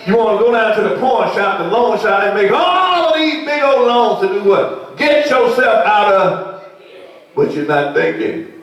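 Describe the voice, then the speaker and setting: A male pastor preaching a sermon, asking the congregation questions and rising to shouted peaks. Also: high-pitched, big pitch swings, unhurried. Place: church sanctuary. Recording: echoey church sound from far off.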